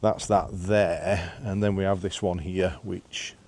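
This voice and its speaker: A man with a low, mellow voice talks to the camera as he walks a windy hillside path. His chat is loose and rambling, full of "uh" fillers and dry self-deprecating asides. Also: fairly even intonation, takes it slowly. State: out of breath after climbing. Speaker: vlogger. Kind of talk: casual walking vlog narration.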